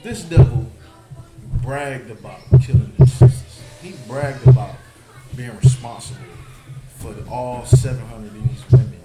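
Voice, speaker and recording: A man's voice: mid-range voice, measured pace, warm tone. Emphatic man preaching to a study group. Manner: emphatic, keeps asking "you understand?". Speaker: teacher leading a scripture study. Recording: roomy, noisy recording.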